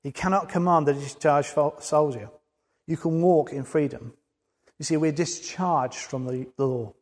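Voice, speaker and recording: A man's voice: on the high side, moderate pace, darkish tone. A man preaching a sermon in an earnest way, building to emphatic peaks. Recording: long hall reverb.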